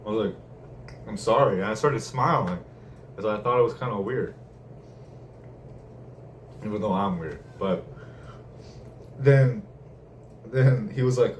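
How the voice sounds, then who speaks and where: Rambling young man, slangy storyteller. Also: lowish voice. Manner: rambling, slangy, laughs often. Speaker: vlogger. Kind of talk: casual storytelling vlog. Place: room at home. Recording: distant mic, faint room noise.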